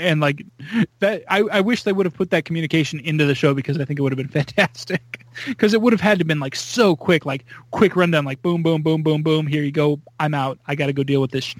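A fairly high-voiced man chatting on a podcast, excitable and animated, jumping up in pitch as he plays out his reactions. The sound is dry and close, with no room around it. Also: no room sound. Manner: excitable, acts out his own reactions with big pitch jumps. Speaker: podcast co-host. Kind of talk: casual chat.

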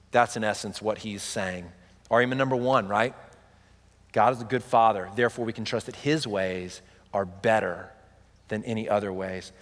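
A man's voice: fairly low pitch, steady tone, moderate pace. Man preaching in a reverberant church hall. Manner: conversational preaching with frequent "right?" asides. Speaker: pastor. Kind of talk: sermon.

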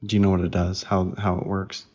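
Man, 30s, low voice, patient explainer, teasing, casual family chat, muffled lo-fi sound. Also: little pitch movement, fairly quick, a little mellow. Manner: patient explainer who asks questions and teases. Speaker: podcast co-host talking with his young daughter. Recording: dull lo-fi recording.

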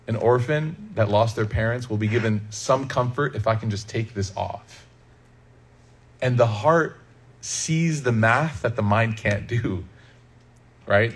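Man, husky voice, casual religious talk, humorous, addresses audience directly. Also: mid-range voice. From Chicago, USA. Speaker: Islamic speaker.

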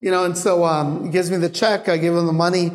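Lively high-voiced man telling stories. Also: fast. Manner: animated storyteller, laughs often. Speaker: guest bartender. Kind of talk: live Q&A storytelling. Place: bar venue with audience. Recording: echoey live venue.

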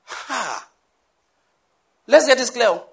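A man preaching a sermon, emphatic, repeating key phrases and sometimes bursting into shouts. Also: very high-pitched, expressive, extremely slow.

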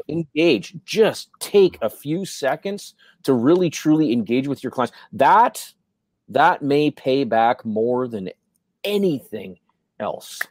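A man's voice: medium pitch, sing-song, slow pace, gravelly, darkish tone, no echo. A man co-hosting a business chat, emphatic and motivational, asking rhetorical questions and often tagging on "right?". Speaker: podcast co-host.

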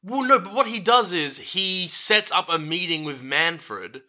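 A man casually recapping a movie with a friend, relaxed and full of fillers. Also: high-pitched, a little slow. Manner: relaxed, filler-heavy, says dude. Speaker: podcast co-host.

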